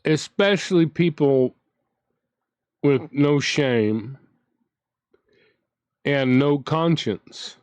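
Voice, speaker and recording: A man's voice: a little high, very slow, long pauses, darkish tone, clear, resonant tone, dry recording. Indignant rambling man, dry close sound. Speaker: commentary channel host. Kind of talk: casual ranting commentary.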